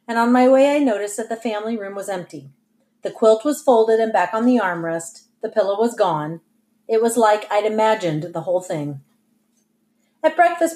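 A woman reading a novel aloud as audiobook narration, telling it in a lively, wry way. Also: a little high. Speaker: audiobook reader.

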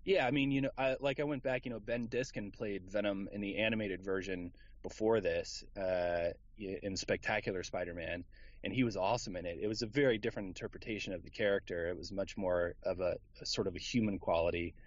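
Easygoing low-voiced man rambling. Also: fairly even intonation, a little fast, no room sound, dull audio. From Houston, Texas. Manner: rambling, easygoing, many fillers and laughs. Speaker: voice actor guest. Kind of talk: casual interview.

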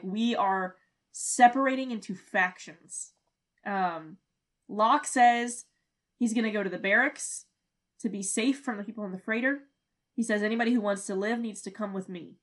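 A young woman co-hosts a podcast, chatting casually with lots of energy, frequent laughter and plenty of swearing. Her voice sits in the mid range and she talks at a moderate pace.

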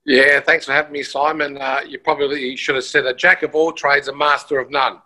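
A man's voice: mid-range voice, little pitch movement, a little fast, crowd noise, low-quality recording. A man, a musician and broadcaster, talking in a casual interview in a modest, earnest way.

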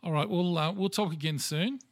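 Laid-back Australian podcast host, dry sound. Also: male voice, high voice, a little fast, no room sound. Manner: relaxed, easygoing and chatty. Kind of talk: casual interview chat.

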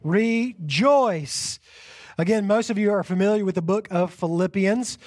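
With a high, brisk voice, a young pastor preaches in a church sanctuary, recounting an animated personal story. He jokes about himself and often says his phrases more than once.

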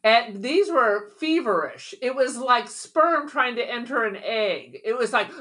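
A woman's voice: fairly high pitch, expressive, unhurried, heavy background noise. A woman co-hosting a podcast, chatting casually with wry, sarcastic humor. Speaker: podcast co-host. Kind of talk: casual chat.

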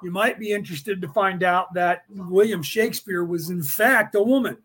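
A man's voice: high-pitched, normal speed, hardly any pauses, a bit bright, husky. A man hosting a podcast, talking casually and emphatically, rambling and reading out listener comments. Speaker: podcast host.

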